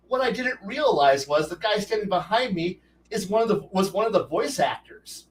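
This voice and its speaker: A high-pitched man telling a loose, rambling anecdote on his stream, stumbling and restarting as he goes. He acts out the quoted exchanges with bursts of energy. His voice sits a little back from the microphone. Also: normal speed, recorded from a distance, slight background noise, low-quality recording. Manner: rambling, frequent restarts, animated quoted dialogue. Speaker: streamer host. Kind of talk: casual storytelling monologue.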